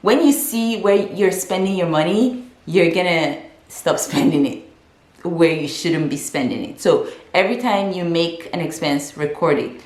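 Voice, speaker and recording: Brief: young woman from Africa, frank chatty vlogger, lowish voice, roomy echo. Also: lively intonation, a little slow, a little mellow. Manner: frank, chatty, lots of fillers and restarts. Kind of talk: casual advice vlog.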